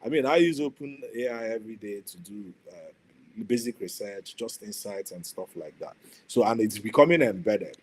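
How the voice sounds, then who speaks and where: A man, speaking as a guest on an online panel over a video call, measured and pausing with fillers. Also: on the low side, lively intonation, slightly rough. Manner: measured, many fillers and restarts.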